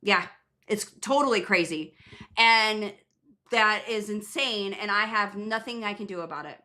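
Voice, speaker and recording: A chatty woman hosts a casual livestream Q&A, rambling and restarting her sentences. Her voice is bright and forward. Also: mid-range voice, unhurried. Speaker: nurse practitioner hosting a live Q&A.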